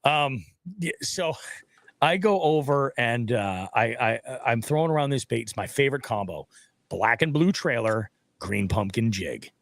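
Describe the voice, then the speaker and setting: A man hosting a casual fishing podcast, telling animated stories with a lot of swearing. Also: medium pitch, a little slow, dry recording. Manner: animated storytelling, heavy swearing. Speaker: podcast host. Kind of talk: casual profane chat.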